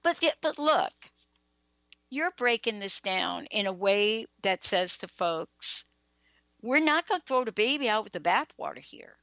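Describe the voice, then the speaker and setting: A woman hosts a radio talk show, asking questions in a chatty, animated way. Her voice sounds a little dull, without full brightness. The sound is dry and close. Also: medium pitch, unhurried, no room sound. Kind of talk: radio interview.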